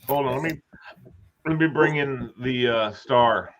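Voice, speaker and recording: Bright-sounding guy hosting a chat show, jokey and chatty, kinda muffled lo-fi audio. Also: mid-range voice, measured pace, slight background noise. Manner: joking, teasing, talkative. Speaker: host. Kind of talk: casual chat.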